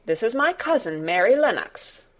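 A woman reading the part of a sickly, demanding young boy in a storybook, a little higher than her narrating voice. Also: sing-song, normal speed. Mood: imperious. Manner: demanding, petulant.

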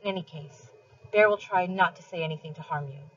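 A woman's voice: lowish voice, brisk, breathy edge, lo-fi sound. A woman reading a storybook's battered, grieving older tavern widow, who speaks faintly, wearily and with a slight lisp. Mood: weary. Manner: weary, faint, lisping.

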